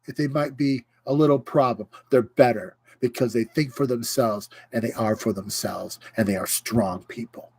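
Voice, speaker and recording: A man hosting his own livestream, ranting with indignation and pausing to greet viewers. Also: mid-range voice, a little mellow, slightly rough, no room sound, low-quality recording. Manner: impassioned, indignant, greets viewers mid-rant. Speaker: livestream host. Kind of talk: casual livestream rant.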